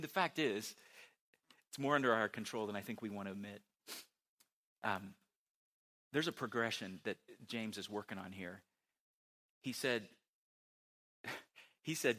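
A man preaching a conversational sermon as a pastor, chatty and quick to correct himself. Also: fairly low pitch, a bit bright.

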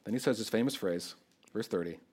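Animated conversational male preacher. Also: lowish voice, brisk, breathy edge. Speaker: pastor. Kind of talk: expository sermon.

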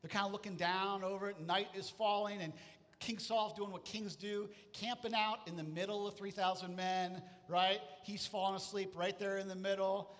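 A man preaching a sermon, telling a story with lively acted-out voices. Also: high-pitched, normal speed. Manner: animated storytelling, acting out voices. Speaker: pastor. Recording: hall reverb.

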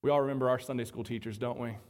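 A man preaching a sermon to his congregation, calling out to them for agreement and swinging between loud emphasis and quiet asides. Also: medium pitch, fairly even intonation, rapid-fire, in a large hall. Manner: call-and-response, asking the congregation to agree. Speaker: pastor. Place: church.

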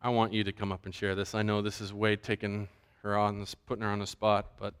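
A man pastor preaching a sermon, animated and acting out the voices he quotes. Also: fairly low pitch, a little fast, clear, resonant tone.

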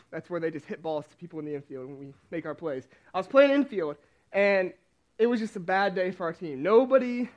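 Young guy, high voice, casual youth sermon, lots of restarts, kinda muffled lo-fi audio. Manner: chatty, self-deprecating storytelling with many restarts. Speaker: youth pastor. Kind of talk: casual sermon with personal story. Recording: dull lo-fi recording.

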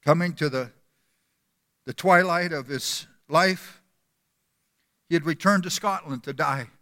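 A man's voice: a little high, unhurried, sharp tone. A man preaching a sermon in a church hall with a long reverb, telling stories earnestly and often repeating words.

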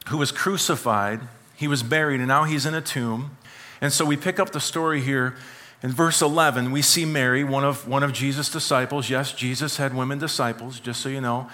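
Bright-voiced man preaching a lively sermon. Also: mid-range voice. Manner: animated, conversational preaching with asides to the congregation. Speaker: pastor.

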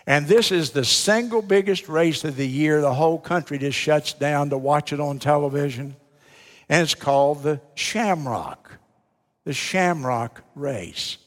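An older man preaches a sermon in a homely, emphatic way and keeps asking the congregation rhetorical questions. His voice sits a little high for a man. The sound trails off in the long reverb of a large church hall. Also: unhurried. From United States. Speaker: Baptist preacher.

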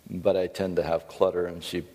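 Deep-voiced, middle-aged male seminar teacher; emphatic and earnest, with a long hall echo. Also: flat delivery, fairly quick, mellow. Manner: emphatic, earnest, with self-deprecating asides. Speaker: seminar speaker and counselor.

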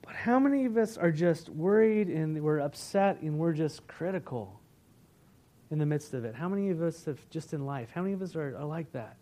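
Earnest pastor preaching, mellow voice. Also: male voice, a little high, lively intonation, moderate pace. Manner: earnest preaching, rising and falling in intensity; softer, reflective prayer. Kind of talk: sermon with closing prayer.

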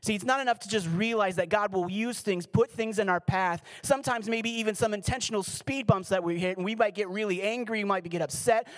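A pastor with a high voice preaches a sermon earnestly and pleadingly, slowing down and dropping almost to a hush on key lines.

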